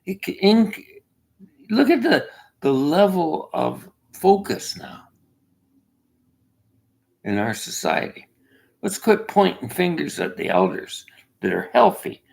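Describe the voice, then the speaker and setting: A man from Canada giving a rambling, opinionated monologue, swinging from loud outbursts to near-whispers. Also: high voice, sing-song, slow, gravelly, long pauses. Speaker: self-made video commentator. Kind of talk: casual monologue.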